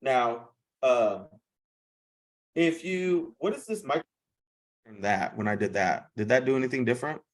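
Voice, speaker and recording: A man's voice: mid-range voice, expressive, measured pace, long pauses, low-quality recording. A young man hosting a live video call, coaching in a blunt, profane, chatty way and saying "bro" and "okay" a lot. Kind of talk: casual coaching talk.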